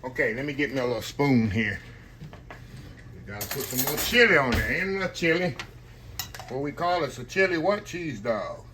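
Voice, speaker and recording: A middle-aged man cooks in his home kitchen for a casual vlog, chatting folksily and addressing viewers as "y'all." His mid-range voice is animated at normal speed, with a noisy background.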